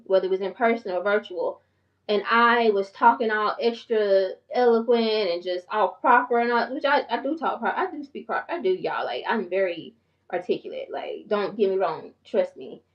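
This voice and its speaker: A woman in her forties with a country North Carolina accent, talking fast and passionately to her viewers in a casual vlog. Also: medium pitch, far from the mic, lo-fi sound. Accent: Southern US, North Carolina country. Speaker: channel host and therapist.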